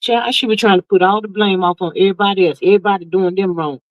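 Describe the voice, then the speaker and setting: A woman hosting a casual livestream, reading viewer comments aloud and reacting in a sassy, drawn-out way, calling everyone "child" and "honey". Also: mid-range voice, fairly even intonation, dry recording. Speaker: livestream host. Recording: dull, lo-fi, dry sound.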